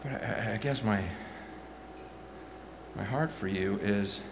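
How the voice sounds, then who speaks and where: Animated preaching man, noisy room. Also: lowish voice, takes it slowly, vocal fry, reverberant. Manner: animated, rising loud when excited, stammering restarts. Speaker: pastor. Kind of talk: sermon.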